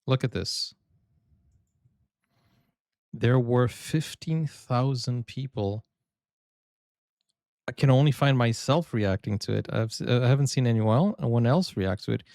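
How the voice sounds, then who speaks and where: A man from Brazil hosting a sports reaction video, chatting excitedly and often stumbling and restarting his sentences. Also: mid-range voice, measured pace, creaky, long pauses, no room sound, clean studio sound. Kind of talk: casual reaction commentary.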